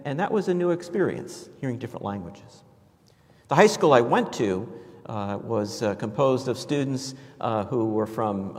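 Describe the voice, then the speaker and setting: A man's voice: on the low side, big-room sound. A man from New York giving a storytelling homily in a conversational, reflective way, with frequent fillers and restarts. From New York, USA. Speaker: preacher.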